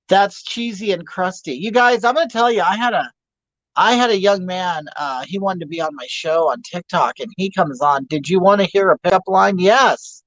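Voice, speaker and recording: A man's voice: high-pitched, normal speed, pauses often, a bit bright, no room sound. A man in his fifties hosting a livestream in a campy, gossipy way, greeting viewers and telling crude jokes. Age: 50s. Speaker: livestream host. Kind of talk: casual livestream chat reading viewer comments.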